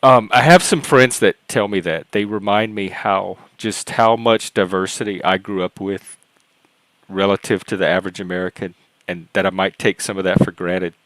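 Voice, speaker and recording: A Cajun man from South Louisiana in his forties, rambling and halting as he tells stories while hosting a panel chat. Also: low-pitched, steady tone, fairly bright tone, dry recording, poor audio. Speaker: host of a panel discussion. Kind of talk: casual chat.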